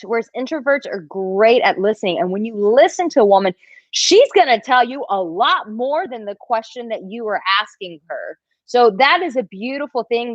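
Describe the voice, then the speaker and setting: A woman dating coach talking casually on a livestream, reading out viewer comments and answering them in an animated, chatty way. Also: fairly high pitch, no echo, lo-fi sound. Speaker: dating coach answering live chat questions.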